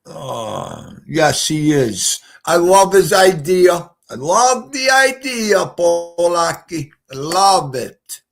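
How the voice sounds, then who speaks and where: A man with a fairly high voice hosting a livestream from home. He talks slowly and loosely, rambling from one thing to the next and getting emotional along the way. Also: very animated. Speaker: livestream host. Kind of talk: casual chat.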